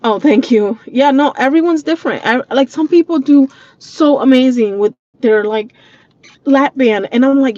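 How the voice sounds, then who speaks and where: A woman's voice: high-pitched, moderate pace, mellow, muffled recording. A woman vlogging from her parked car, talking candidly and emotionally with her viewers, swearing freely and holding back tears.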